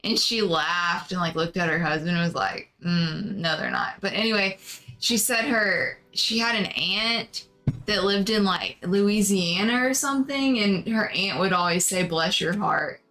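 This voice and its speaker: A woman's voice: medium pitch, measured pace, sharp tone, faint music behind, rough recording. Rambling woman co-hosting a livestream. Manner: rambling storyteller, trails off with "anyway". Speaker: co-host. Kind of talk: casual livestream chat.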